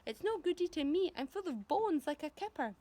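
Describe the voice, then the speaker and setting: A woman voicing a panicky, boastful male centipede from a children's storybook, shrill and frantic. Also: sing-song, a little fast, dark tone.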